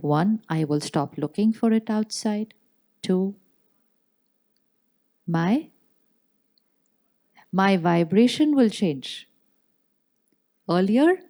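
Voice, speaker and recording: A woman giving a spiritual talk to an audience in a large hall, speaking in slow, calm affirmations with deliberate pauses. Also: mid-range voice. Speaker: spiritual teacher.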